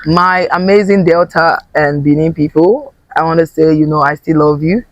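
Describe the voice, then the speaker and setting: A young Nigerian actress chatting in an interview, lively and quick to slip into Pidgin. Her voice sits close and dry with no room around it. She talks in a loose, storytelling way. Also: sits low, no room sound, lo-fi sound. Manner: animated, mixing English with Pidgin, laughs often. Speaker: actor guest. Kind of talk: casual interview chat.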